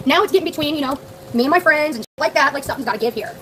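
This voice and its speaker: A woman's voice: sits high, expressive, rapid-fire, noisy background. A young woman live-streaming, telling a story in a blunt, profane, chatty way and talking straight to her viewers.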